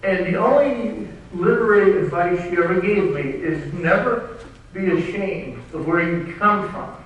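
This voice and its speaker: A man's voice: sits high, unhurried, a bit bright, highs cut off. An older man with a Southern US accent, an author telling stories to an audience in an emphatic, wry way. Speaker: author giving a talk. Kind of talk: storytelling talk to an audience. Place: large room at a bookstore event. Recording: very echoey room, distant mic.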